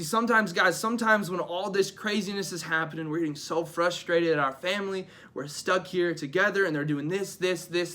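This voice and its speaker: Young male youth pastor, bright tense tone, high voice, lively and emphatic delivery. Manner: energetic, emphatic, repeats phrases. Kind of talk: youth devotional talk.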